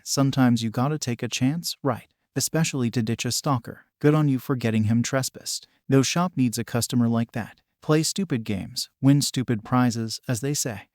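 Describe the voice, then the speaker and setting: A man's voice: medium pitch, darkish tone, no echo, clean studio sound. A man narrating online stories and adding casual, lightly sarcastic commentary.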